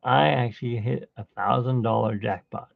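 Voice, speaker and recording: A man's voice: medium pitch, fairly even intonation, normal speed, gravelly, no echo, phone-quality sound. A tired man who got little sleep, hosting a live drawing stream and chatting casually in a rambling way as he works. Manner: rambling storyteller, hums while working.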